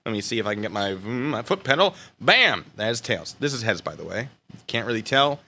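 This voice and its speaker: A bright, lively American man hosts a live stream and chats casually with his viewers. His pitch jumps around a lot, and he swings between loud bursts and quiet mumbled asides. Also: fast, vocal fry.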